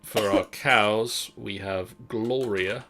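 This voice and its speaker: A young man streaming a game, chatting casually with his co-player and with his viewers in an unhurried way. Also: lowish voice, pushed and bright. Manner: unhurried, talks to chat. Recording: faint keyboard clicks behind.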